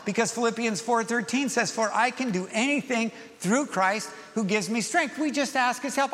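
Male pastor, high voice, animated preacher, church sanctuary reverb. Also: moderate pace, hardly any pauses. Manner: animated preaching, softening to gentle prayer. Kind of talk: sermon.

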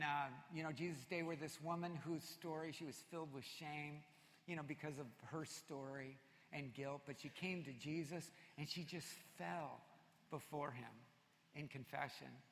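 A man preaches a sermon in a high, bright, ringing voice. He swings from energetic shouts down to quiet, hushed passages. The sound carries a long reverb from a large church hall. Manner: energetic, shouting at peaks, drops soft and low for confession. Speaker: pastor.

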